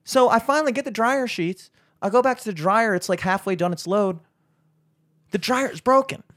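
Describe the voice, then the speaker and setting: High-voiced young man telling a rambling story. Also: moderate pace. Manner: rambling, profane, animated, acts out voices. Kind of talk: casual storytelling chat.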